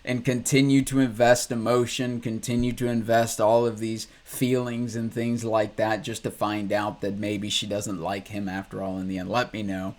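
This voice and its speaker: A man's voice: on the low side, flat delivery, moderate pace, hardly any pauses, a little mellow. A man hosting a reaction video, ranting casually with frequent swearing, restarts and laughs. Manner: profane, rambling, laughs often. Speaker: ex-Christian reaction host.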